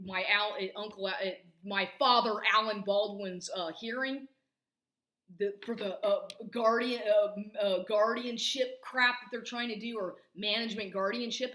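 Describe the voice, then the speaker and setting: A woman's voice: medium pitch, bright, forceful tone, roomy sound. A woman venting in an angry, rambling personal rant, swearing constantly. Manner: profane, rambling, agitated. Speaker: vlogger.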